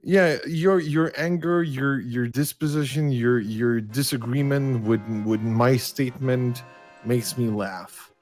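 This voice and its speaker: Halting male caller. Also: medium pitch, a little mellow, soft background music. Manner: halting, many restarts and fillers.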